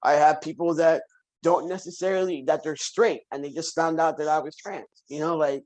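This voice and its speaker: A man with a somewhat high voice talks as a podcast guest in easy conversation. He tells stories with animation and says key phrases again and again for weight. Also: moderate pace, low-quality recording. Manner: animated storyteller, repeats phrases for emphasis. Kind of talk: casual conversation.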